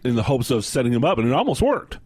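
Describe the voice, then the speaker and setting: A man's voice: medium pitch, very animated, quick pace, a little mellow, breathy edge, no room sound. A man co-hosting a radio talk show, chatting casually with many fillers and restarts. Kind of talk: casual chat.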